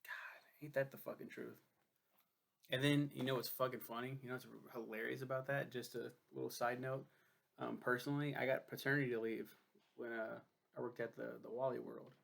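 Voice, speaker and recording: A man's voice: mid-range voice, little pitch movement, normal speed, vocal fry, a bit bright. A young man reviewing a friend's book in a casual vlog, rambling, cursing freely and poking fun at himself. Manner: rambling, profane, self-deprecating.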